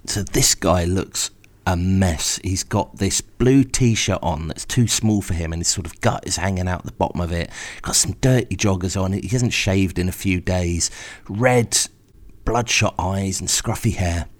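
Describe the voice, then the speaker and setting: A man telling a first-person story in a wry, exasperated, animated way. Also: low voice, measured pace. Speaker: podcast storyteller host.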